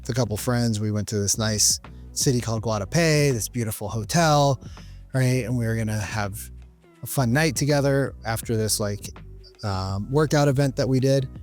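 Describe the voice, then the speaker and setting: A man's voice: mid-range voice, normal speed, darkish tone, soft background music. A man giving an earnest motivational talk to camera, retelling a coaching session with frequent "right?" asides. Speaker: business coach and vlogger.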